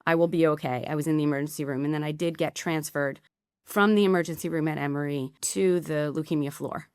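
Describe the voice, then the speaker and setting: A middle-aged woman, a podcast guest, telling a personal story candidly with quick asides. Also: deep voice, a little mellow, smooth, no room sound, clean studio sound.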